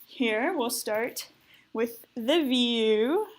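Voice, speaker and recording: Slow-talking woman hosting a live stream. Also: on the high side, animated, rough recording. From United States. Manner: chatty and heartfelt, with many fillers, thanking viewers and reading chat aloud. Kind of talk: live-stream reaction chat.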